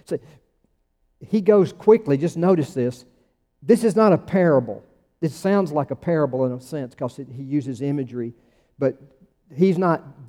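A man's voice: a little high, dark tone. A man preaching a sermon in a conversational, emphatic way, with sudden rising bursts. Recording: long church reverb.

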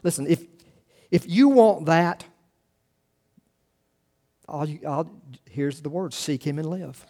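A middle-aged male pastor preaching a sermon, earnest, rising to emphatic quotes and dropping to hushed asides. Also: on the high side, slow pace, long pauses.

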